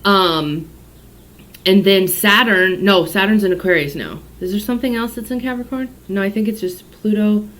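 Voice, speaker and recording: A woman's voice: mid-range voice, normal speed, a bit bright. Rambling, foul-mouthed woman tarot reader. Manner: rambling, swears freely, tangential. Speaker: psychic tarot and astrology reader. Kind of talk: casual livestream reading.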